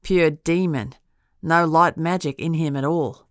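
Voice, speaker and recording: A woman's voice: low-pitched, a little slow, no echo, clean studio sound. A woman voicing a brash, casual young witch fighter with an Australian accent in an audiobook. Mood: breezy. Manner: breezy, offhand and teasing. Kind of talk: audiobook character voice.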